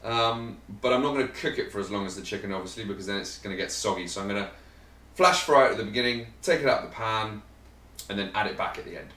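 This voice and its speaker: A man's voice: on the low side, fast talker, fairly bright tone. A man hosting a vegan cooking channel, chatting casually to camera as he explains ingredients, rambling and joking about himself. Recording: roomy sound, mic set at a distance.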